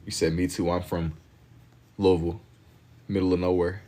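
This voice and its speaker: Young guy streaming, real low voice, chill slangy banter w chat. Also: flat delivery, moderate pace, mellow. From Kentucky. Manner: laid-back slang-heavy banter, reading and answering chat. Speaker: livestreamer. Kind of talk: casual chat with live viewers while drawing.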